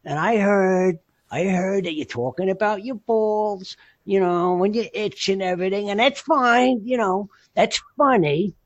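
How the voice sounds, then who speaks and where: A podcast host putting on the voice of an old-school, gruff working-class buddy. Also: male voice, sits high, measured pace, dry recording, lo-fi sound, pitched above the performer's own voice. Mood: amused scolding. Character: older working-class man, gruff and blunt. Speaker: podcast co-host doing an impression. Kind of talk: comic impression of a buddy.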